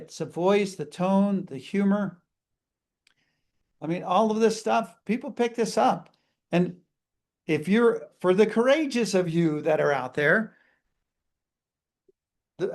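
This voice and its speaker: A man with a high voice teaches a live customer service seminar. He talks with energy and slips into short acted-out greetings to show how a phone call should sound.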